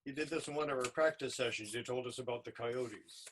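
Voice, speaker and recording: A man's voice: medium pitch, brisk, fairly bright tone, slight background noise, poor audio. A man hosting a storytelling session, politely inviting his guests to share their stories. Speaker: host storyteller. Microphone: video call.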